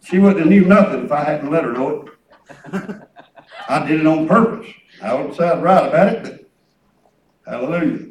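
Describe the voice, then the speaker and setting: A man's voice: sits high, darkish tone, echoey room, distant mic, poor audio. A man preaching a sermon in a folksy storytelling way, acting out conversations. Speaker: pastor. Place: church hall.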